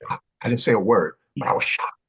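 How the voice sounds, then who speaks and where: Telling stories excitedly on a panel, this Oakland, California man, a dance pioneer, talks fast in a fairly low, husky voice. He acts out the voices of the people in his tales and drops street slang throughout.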